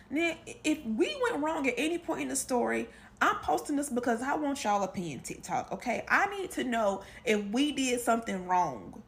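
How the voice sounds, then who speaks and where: A woman with a high voice tells a casual family story straight to her viewers. Her pitch swings widely as she slips in and out of quoted dialogue. Her talk is slangy and animated. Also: normal speed, vocal fry. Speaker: storytime creator.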